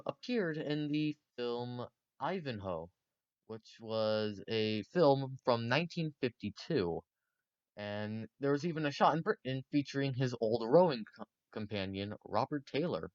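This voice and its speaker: A man's voice: medium pitch, expressive, a little slow, dry recording, muffled recording. A man casually narrating history for a video, rambling and joking with many fillers.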